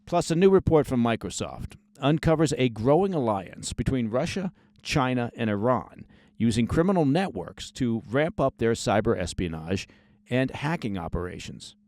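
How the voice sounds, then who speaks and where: A man's voice: medium pitch, big pitch swings, normal speed, darkish tone, dry recording. A man hosting a scripted news briefing, reading the stories in a conversational way with short asides and stressed key words. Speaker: news podcast host.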